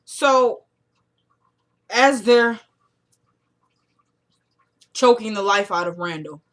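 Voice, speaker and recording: A woman's voice: medium pitch, very slow. Woman recapping a TV episode casually. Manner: animated, colloquial storytelling that acts out the characters' lines. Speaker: TV episode reviewer.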